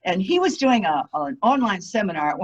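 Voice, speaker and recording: A woman giving an enthusiastic storytelling talk as a guest speaker, animated, laughing often, with many fillers. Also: medium pitch, moderate pace. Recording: muffled lo-fi audio.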